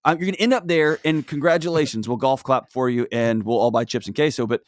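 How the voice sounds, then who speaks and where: A middle-aged man, a guest on a podcast, talking in a lively, casual way that swings from loud to quiet. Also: fast, dry recording, clean studio sound. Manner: animated, big swings in pitch and loudness, acts out voices. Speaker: podcast guest, mental health author. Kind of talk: casual conversational interview.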